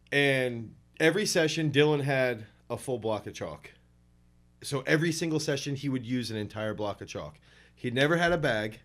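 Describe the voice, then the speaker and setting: A man recounting training stories in a relaxed interview. His telling is animated and loose, with chuckles and frequent restarts, at a middle pitch. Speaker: throws coach. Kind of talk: casual interview storytelling.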